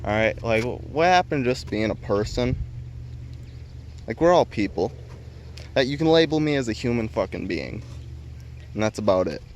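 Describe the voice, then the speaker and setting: A man's voice: medium pitch, sing-song, moderate pace, long pauses, slight background noise. A man vlogging an opinion rant, heated and rambling, swearing constantly and restarting his sentences.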